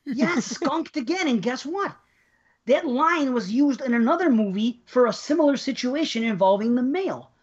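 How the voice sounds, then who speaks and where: A woman with a slightly high, husky voice chats about movies in a loose, animated way, swearing freely as she makes her points. The sound is dull and lo-fi. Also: normal speed. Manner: animated, profane, chatty storyteller. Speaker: podcast co-host. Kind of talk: casual movie discussion chat. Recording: dull lo-fi recording.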